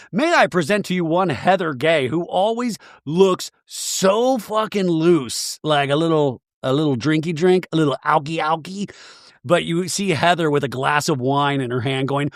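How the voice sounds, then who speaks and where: A man hosting a podcast, recapping a show in an animated, profane, joking way with frequent laughs. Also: a little high, dry recording, studio quality. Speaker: podcast host. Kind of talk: comedic episode recap.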